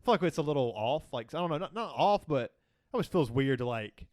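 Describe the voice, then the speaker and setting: Lively joking man on a podcast. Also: on the high side, fast, no room sound, clean studio sound. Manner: joking, swears freely, laughs often. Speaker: podcast co-host. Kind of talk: casual chat.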